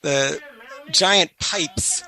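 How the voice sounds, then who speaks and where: Bright, chatty man giving film commentary. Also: on the high side, drawn-out words. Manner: chatty, anecdotal, trivia-filled.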